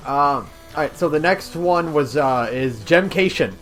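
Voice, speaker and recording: A woman's voice: low-pitched, expressive, measured pace, soft background music. A woman co-hosting a casual podcast, hesitant and laughing a lot as she talks. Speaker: podcast co-host.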